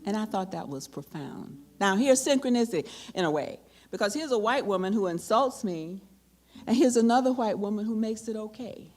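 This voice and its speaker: A woman's voice: medium pitch, normal speed. An older American woman answering a question at a conference, telling a story and acting out the quotes. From United States. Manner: animated, with acted-out quotes. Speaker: keynote speaker.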